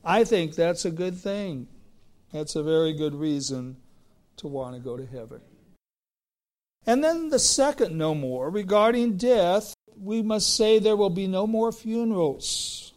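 A middle-aged man preaching a sermon as a pastor, slow and emphatic, building on repeated phrases. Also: high-pitched, lively intonation, darkish tone.

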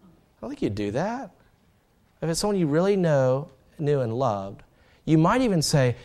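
A middle-aged man preaching a sermon as pastor, swinging from quiet, low asides to loud, animated emphasis. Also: normal speed, long pauses.

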